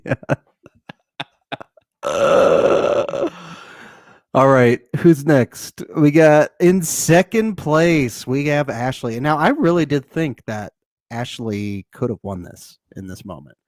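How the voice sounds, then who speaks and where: A man's voice: medium pitch, lively intonation, slow, dry recording, studio quality. A man co-hosting a recap podcast in casual chat, laid-back and joking, laughing often. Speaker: podcast co-host.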